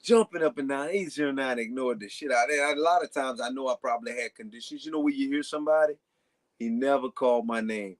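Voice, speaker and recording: A man's voice: medium pitch, fast. A man telling long casual stories as a guest on a talk show, rambling with frequent restarts. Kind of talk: casual storytelling.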